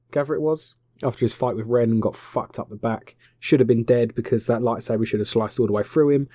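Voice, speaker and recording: A man's voice: medium pitch, mellow, dry recording, studio quality. A young man giving a casual, sarcastic film recap. He swears freely and mockingly acts out the characters' lines.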